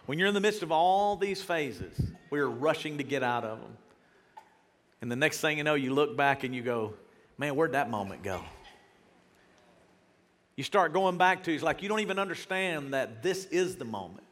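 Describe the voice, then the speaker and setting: A man's voice: on the high side, lively intonation, moderate pace, a bit bright. Pastor in his forties, earnest and chatty from the pulpit, in a reverberant hall. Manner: earnest, conversational preaching. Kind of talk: sermon.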